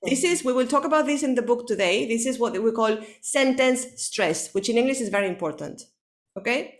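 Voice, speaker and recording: This native Spanish speaker teaches English online to a lone student in a voice on the higher side. She goes slowly, frequently asks "okay?", and switches to Spanish now and then for fast clarifications.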